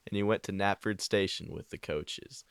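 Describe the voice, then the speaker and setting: A young man narrating a crude, improvised parody story into a home microphone, rambling and swearing with deadpan asides. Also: on the low side, normal speed, creaky, clear, resonant tone, no echo. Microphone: new home microphone.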